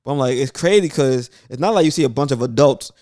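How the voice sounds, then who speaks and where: A man's voice: medium pitch, animated, quick pace, mellow, no echo, clean studio sound. A man from Brooklyn with a strong New York accent, telling stories in loose, slangy casual chat.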